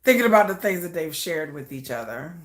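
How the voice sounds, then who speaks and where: A woman giving casual live reaction commentary, chatty, trailing off into soft murmurs and then jumping into excited bursts. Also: sits low, fairly quick.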